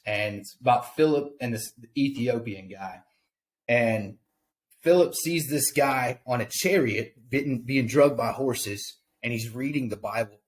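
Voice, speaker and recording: A man speaking as a podcast guest, giving a fervent, preachy motivational talk about faith and purpose, often repeating his words. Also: medium pitch. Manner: impassioned, preachy, repeats himself.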